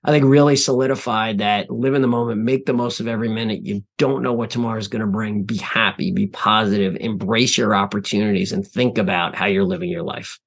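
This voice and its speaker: A man in his forties, a podcast guest, telling reflective stories in an earnest way, often pausing and restarting. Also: lowish voice, fairly even intonation, vocal fry. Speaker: podcast guest, CEO and author. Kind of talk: interview storytelling.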